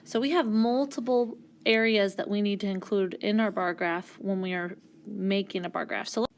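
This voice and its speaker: A woman's voice: mid-range voice, fairly even intonation, normal speed. Patient woman teacher explaining step by step. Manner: uses fillers like um. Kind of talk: classroom video lesson.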